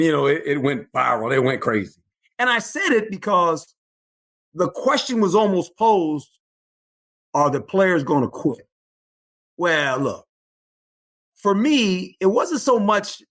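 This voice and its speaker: An older man, a former football coach, telling stories as a guest in an interview, animated and emphatic, often repeating phrases. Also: sits high. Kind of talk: storytelling interview.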